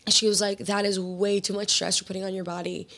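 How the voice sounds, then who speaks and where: A young woman hosts her own podcast, her voice still a little hoarse from being sick. She talks in a candid, rambling way, often acting out bits of her conversations with others. Her pitch sits right in the middle for a woman. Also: little pitch movement, a little fast, fairly bright tone. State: hoarse from illness. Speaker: podcast host; fitness trainer and athlete. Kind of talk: casual solo podcast talk.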